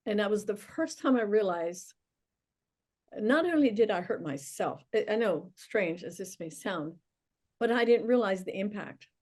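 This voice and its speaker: Mellow-voiced older woman telling her story. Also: medium pitch, expressive. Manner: earnest storytelling with soft, tearful pauses. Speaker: guest. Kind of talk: emotional personal testimony.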